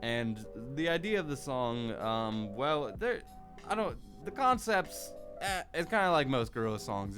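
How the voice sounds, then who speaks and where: Rambling young man, casual vlog talk. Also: mid-range voice. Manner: rambling, heavy use of "like", casual swearing. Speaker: vlogger. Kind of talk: casual vlog chat about music.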